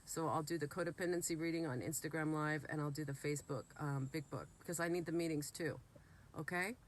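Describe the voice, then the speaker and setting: A woman's voice: sits low, steady tone, a little fast, a little hiss or hum. Emotional woman talking, sick. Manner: emotional, earnest, blunt. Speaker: vlogger. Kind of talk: heartfelt direct-to-camera talk.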